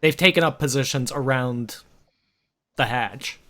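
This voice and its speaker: Slow-talking man running a tabletop game. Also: mid-range voice. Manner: relaxed, hesitant with fillers. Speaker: game master. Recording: muffled lo-fi recording.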